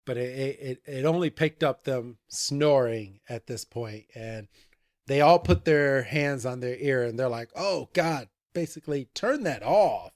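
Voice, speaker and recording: A man hosting a podcast, retelling a cartoon episode in an animated, chatty way and laughing often. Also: mid-range voice, normal speed, dry recording, studio quality. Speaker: podcast host. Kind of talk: casual podcast recap.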